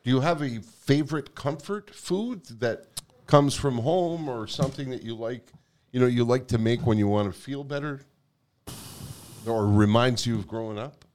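A man's voice: medium pitch, normal speed, a little mellow. A man co-hosting a podcast, who asks questions and reacts in casual chat. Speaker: podcast co-host.

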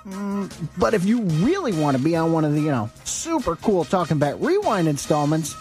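A male radio presenter introducing and closing a segment. His delivery is breezy and jokey, with a very animated, swooping intonation. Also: on the high side, normal speed, faint music behind. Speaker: show segment host.

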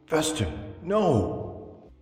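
A man's voice: lively intonation, extremely slow, darkish tone, echoey room, big-room sound, soft background music. A man voicing a grieving elf warrior crying out in desperate, rising tones. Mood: panicked. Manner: high, desperate cries.

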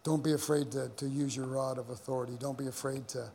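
A man's voice: mid-range voice, little pitch movement, quick pace, dark tone, slight background noise. A man preaching a sermon as pastor, telling stories in a rambling way with many repeated words and restarts. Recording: long hall reverb.

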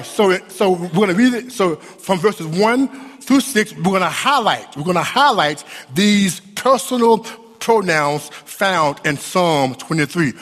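A man preaches a sermon in a high, ringing voice, taking his words slowly. He leans into repeated phrases and lifts key words into a sung rise. His voice carries a long reverb, as in a large church. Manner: emphatic preaching with many repetitions and sung rises. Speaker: pastor.

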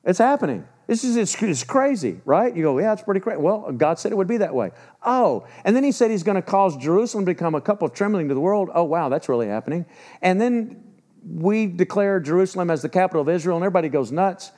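Older male preacher in his sixties, fairly high voice, emphatic and urgent, drops low for warnings. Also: animated, quick pace. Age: 60s. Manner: emphatic, swings between loud urgency and low grave warnings. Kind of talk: sermon.

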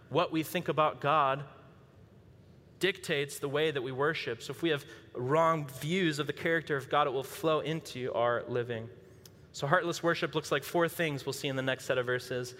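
A man's voice: on the high side, sharp tone. A male pastor preaching a sermon in a conversational way, with casual asides. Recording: long reverb of a large hall.

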